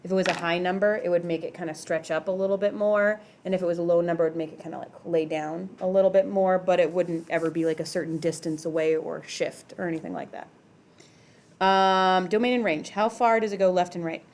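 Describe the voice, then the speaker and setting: A woman's voice: lowish voice, fairly even intonation, a little fast, darkish tone. A middle-aged woman teaching a math class in a classroom, talking casually, using "like" a lot and asking the students questions. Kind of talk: classroom lecture.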